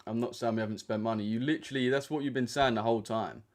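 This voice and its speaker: A man's voice: medium pitch, quick pace. A young man chatting casually on a livestream as a trading streamer, bantering in slang with lots of fillers. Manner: laid-back slangy banter with frequent fillers.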